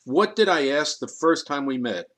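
A man's voice: a little high, sing-song, moderate pace, fairly bright tone. A man reading aloud and voicing a hot-tempered male film director who bellows his indignant, blunt retorts. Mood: indignant, angry.

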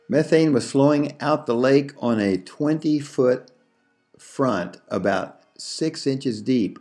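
Man, audiobook narration, slow measured reading, mellow dark tone, faint music underneath. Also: medium pitch, expressive.

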